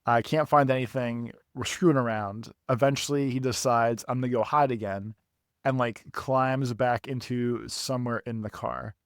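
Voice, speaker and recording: A young man telling a rambling story on a podcast, animated and quick to swear, often laughing at his own misfortune. His voice sits in a middle register and sounds close and dry, with almost no room around it. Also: mid-range voice, clean tone, dry recording. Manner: animated, profane, laughs at himself. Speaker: podcast co-host. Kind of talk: casual storytelling.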